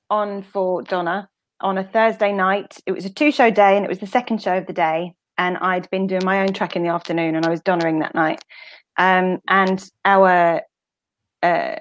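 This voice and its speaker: A woman, a guest stage actress, telling chatty, self-deprecating stories from the theatre. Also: mid-range voice. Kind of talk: casual anecdote.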